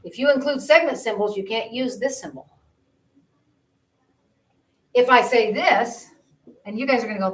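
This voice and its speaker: A woman's voice: fairly high pitch, normal speed, pauses often, a bit bright. A woman teaching a geometry class, explaining in a conversational, repetitive way. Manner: conversational, repeats herself while explaining. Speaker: math teacher. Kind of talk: classroom lecture. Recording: roomy classroom audio from a distance.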